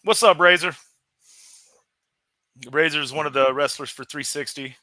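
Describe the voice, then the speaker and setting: A man, a professional wrestler guest on a podcast, telling a story in an animated way, laughing often and restarting his sentences. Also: a little high, moderate pace, no echo. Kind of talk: casual storytelling interview.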